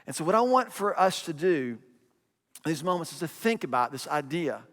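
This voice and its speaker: A man's voice: fairly high pitch, very animated, fairly quick, fairly bright tone, big-room sound. A middle-aged man preaching a sermon in a conversational way, repeating phrases and acting out quotes. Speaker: pastor.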